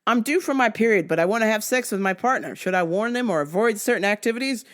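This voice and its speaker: A woman's voice: fairly high pitch, animated, fast. Foul-mouthed woman host, laughs a lot, voice bouncing all over. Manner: profane, laughing often. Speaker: podcast host. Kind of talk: casual comic storytelling.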